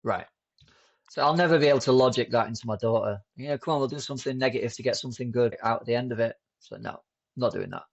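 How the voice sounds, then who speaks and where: A man as a podcast guest, chatting in a relaxed, rambling way with many fillers and restarts. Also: medium pitch, quick pace, lo-fi sound. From United Kingdom. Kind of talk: casual conversational storytelling.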